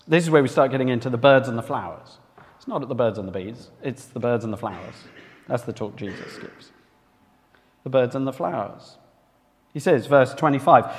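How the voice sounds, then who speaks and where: A man's voice: medium pitch, animated, normal speed, pauses often. A man preaching a sermon with emphasis, often asking his listeners rhetorical questions. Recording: long reverb of a hall.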